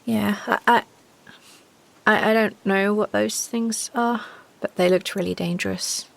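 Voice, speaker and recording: A woman voicing a wary young woman survivor who speaks in halting, stammering bursts. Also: mid-range voice, fairly even intonation, vocal fry.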